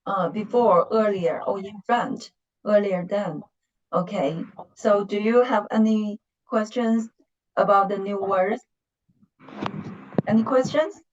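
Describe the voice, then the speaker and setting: A woman's voice: medium pitch, slight background noise. A woman teaching Mandarin in an online lesson, speaking patiently and modeling each word for her students. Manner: patient, slow, encouraging, models words. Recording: dull, muffled online call audio.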